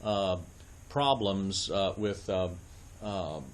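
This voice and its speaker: In a church classroom, a man with a low voice speaks extremely slowly while giving an adult education lecture. He explains things step by step, fills his speech with lots of ums and uhs, and checks whether it all makes sense to his listeners.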